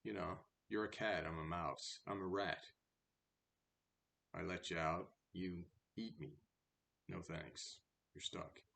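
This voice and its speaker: A man's voice: sits low, fairly even intonation, slow, vocal fry, long pauses, fairly bright tone, a little hiss or hum, full character voice. A man voicing a wary, streetwise rat that dryly refuses to trust the cat. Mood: skeptical. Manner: dry, skeptical, dismissive.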